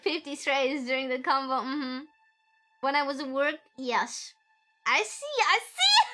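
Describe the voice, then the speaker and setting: A woman's voice: sits high, pushed and bright. Bubbly giggly young woman streamer. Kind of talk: casual live-stream chat.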